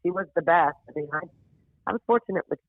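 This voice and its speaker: This guest on a podcast is a woman stand-up comedian who talks fast in a lowish voice as she casually tells a story. She's lively, swears without restraint, and does voices for the people involved. The recording is dry, with tinny, phone-like audio.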